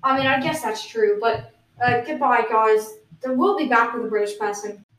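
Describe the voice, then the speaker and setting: A woman's voice: fairly high pitch, normal speed, fairly bright tone. A woman co-hosting an improvised comedy podcast, quizzing her partner with teasing questions. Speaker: podcast co-host. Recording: roomy, distant mic.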